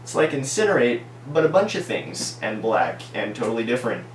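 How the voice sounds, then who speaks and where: A man reading trading card text aloud and lavishing tongue-in-cheek praise on each card. He speaks at an ordinary middle pitch, set back from the microphone. The room is echoey, with a faint hum underneath. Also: sing-song, fairly quick, recorded from a distance. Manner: mock-enthusiastic, ironic over-praise of every card. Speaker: card game reviewer.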